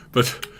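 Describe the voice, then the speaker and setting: A man's voice: a bit bright, a little hiss or hum. A man with a Dutch accent from the Netherlands, rambling chattily as he comments on a game he is playing. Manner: chatty and rambling, chuckling often, with frequent restarts. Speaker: retro gaming channel host. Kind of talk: casual gameplay commentary.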